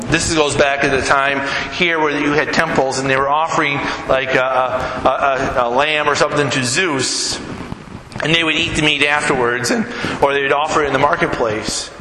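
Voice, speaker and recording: A man's voice: a little high, steady tone, normal speed, sharp tone. A man preaching a sermon to his church in a conversational way, often checking in with "right?". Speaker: pastor. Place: church sanctuary. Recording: echoey hall with noise.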